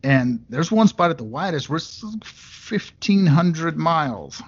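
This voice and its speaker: A man's voice: a little high, expressive, measured pace. A man from West Texas, rambling and joking as a podcast host in casual chat. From West Texas, USA. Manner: rambling, jokey storyteller. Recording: dull lo-fi sound.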